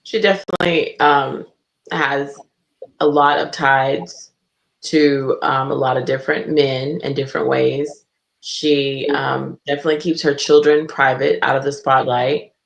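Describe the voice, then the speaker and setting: Casting: panel guest, gravelly voice, hesitant delivery with many fillers. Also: female voice, very deep voice, fairly even intonation, unhurried. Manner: hesitant, many ums and definitely. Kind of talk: casual panel chat.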